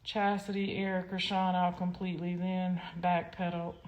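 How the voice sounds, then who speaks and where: In a muffled recording, a young adult woman hosts a casual livestream with a fairly low, slightly mellow voice that barely moves in pitch, at a moderate pace. She addresses viewers bluntly and sassily, rambling and swearing freely.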